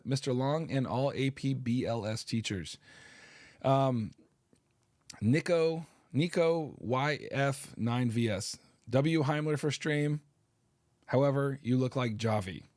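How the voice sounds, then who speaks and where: Man reading viewer shout-outs, dry sound. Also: medium pitch, dry recording. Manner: casual, playful, reads names aloud. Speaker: history teacher. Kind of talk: livestream reading viewer comments.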